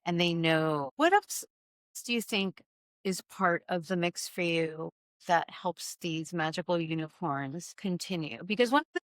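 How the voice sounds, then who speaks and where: A woman's voice: on the low side, measured pace, dry recording, studio quality. Affirming woman interview host. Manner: warm, affirming, reflective questioner. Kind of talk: casual interview conversation.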